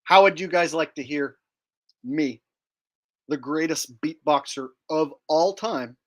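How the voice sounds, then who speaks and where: Slow deadpan joking man. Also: on the high side. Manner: deadpan mock bragging, joking. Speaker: livestream host. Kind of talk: casual livestream chat.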